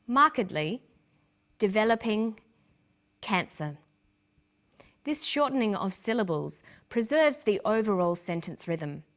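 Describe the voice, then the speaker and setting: Lady teacher walking thru english pronunciation, clear and careful, voice goes up and down a lot. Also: mid-range voice. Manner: clear, deliberate, stresses syllables for learners. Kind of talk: scripted teaching narration.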